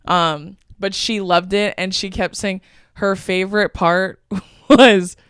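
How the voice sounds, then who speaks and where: Young woman, podcast co-host, smooth clear voice, dry close sound, rambling, laughing. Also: medium pitch, fairly even intonation, slow pace, fairly bright tone, dry recording. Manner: rambling storytelling, laughs often. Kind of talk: casual podcast chat.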